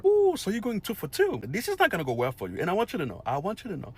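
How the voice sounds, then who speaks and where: A man's voice: sits high, wildly swooping pitch, very fast, hardly any pauses, a little mellow, breathy edge. A man giving reaction commentary in a mocking, scolding manner.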